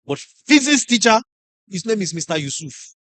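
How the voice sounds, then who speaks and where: A middle-aged man with a Nigerian English accent giving a lively motivational talk to teachers, acting out classroom stories and putting questions to the audience. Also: high-pitched, moderate pace, no room sound. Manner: animated storyteller, acts out classroom scenes, asks the audience questions. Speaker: conference speaker.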